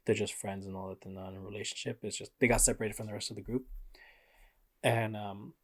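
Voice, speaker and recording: A young man co-hosting a casual podcast, easygoing as he recaps events. He leans on filler words. His voice sits somewhat low. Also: steady tone, fast, fairly bright tone. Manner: laid-back recapping, many fillers like um and like. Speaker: podcast co-host. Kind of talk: casual chat.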